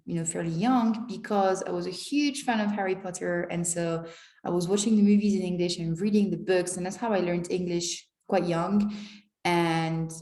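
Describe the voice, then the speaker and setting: A woman's voice: on the low side, mellow. Chatty French-accented woman, echoey room. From France. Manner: rambling, chatty, many fillers like "you know" and "like". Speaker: language teacher and vlogger. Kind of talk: casual vlog monologue. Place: hostel in Mexico.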